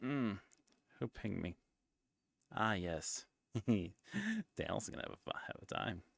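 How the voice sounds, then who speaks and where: A man's voice: on the low side, wildly swooping pitch, slow, gravelly, dry recording, clean studio sound. A man streaming as a VTuber, chatting casually in a playful, teasing way.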